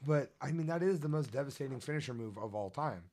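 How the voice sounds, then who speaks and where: A man's voice: mid-range voice, expressive, quick pace, mellow. A man co-hosting a podcast, casual and profane, explaining at length. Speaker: podcast co-host.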